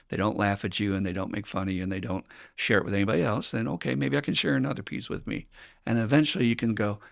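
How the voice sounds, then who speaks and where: A man's voice: fairly low pitch, creaky. A man from the United States hosting a podcast about recovery, speaking frankly and bluntly as a sponsor, swearing and laughing often. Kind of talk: candid podcast talk on recovery.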